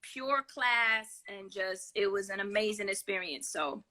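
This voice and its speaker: Bright-voiced woman, laughing easily. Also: medium pitch, measured pace. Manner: laughing often, easygoing and candid. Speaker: guest singer. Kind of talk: casual interview chat.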